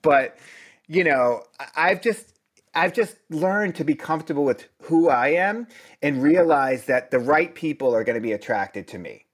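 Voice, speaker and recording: A man's voice: on the high side, lively intonation, moderate pace. Blunt, earnest man from Boston. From Boston, US East Coast. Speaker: breathwork instructor. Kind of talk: candid conversational interview.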